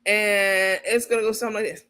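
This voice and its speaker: A woman hosting casual comedic commentary, animated, playful and profane. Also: medium pitch, a little fast, background noise. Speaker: host.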